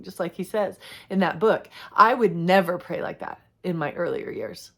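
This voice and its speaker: A woman's voice: fairly low pitch, expressive, moderate pace, vocal fry, few pauses. Earnest woman giving a heartfelt devotional talk. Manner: heartfelt, candid, acts out her prayers. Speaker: Christian video host.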